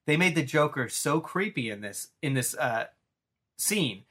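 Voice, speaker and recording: A man in his thirties chatting on a podcast with a bright, forceful tone. He talks with eager enthusiasm, rambling and acting out the story as he goes. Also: a little high, expressive, unhurried. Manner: enthusiastic, rambling, acts out scenes. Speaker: podcast host. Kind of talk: casual chat.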